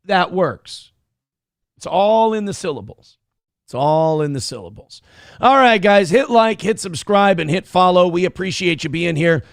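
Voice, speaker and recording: A man hosting a morning livestream show, reading donations in loud, crude, fast banter. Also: sits high, expressive, vocal fry, dry recording, clean studio sound.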